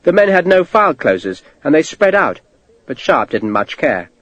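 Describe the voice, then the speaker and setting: A man narrating a historical war novel as an audiobook, with an expressive storytelling delivery. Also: fairly high pitch, normal speed, no room sound. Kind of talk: scripted narration.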